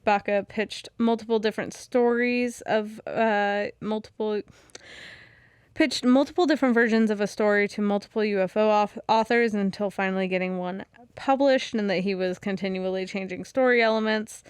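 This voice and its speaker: A woman's voice: medium pitch, steady tone, normal speed, clean tone, no room sound, studio quality. A woman co-hosting a podcast, reading through research notes in a casual way with frequent fillers and restarts, and laughing easily. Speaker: podcast co-host. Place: podcast studio.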